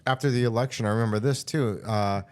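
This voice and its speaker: A man's voice: medium pitch, fast talker, a little hiss or hum. A man hosting a podcast, telling stories in casual chat and swearing freely. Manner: swearing, animated storytelling. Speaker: podcast host. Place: studio.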